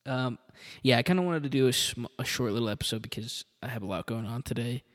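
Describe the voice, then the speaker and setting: A man's voice: medium pitch, fast talker, fairly bright tone, big-room sound. Rambling, profane male podcast host. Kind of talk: casual solo monologue.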